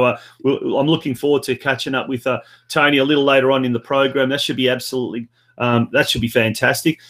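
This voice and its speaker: Chatty high-voiced man hosting. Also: fairly bright tone. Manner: chatty with many fillers and restarts. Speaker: host. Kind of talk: casual show hosting.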